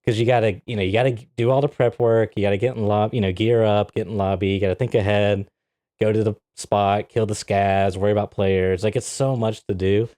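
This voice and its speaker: A man's voice: lowish voice, brisk, no echo. Man, podcast co-host, casual storytelling, laughs a lot, dry close sound. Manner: animated, laughs often, acts out quotes.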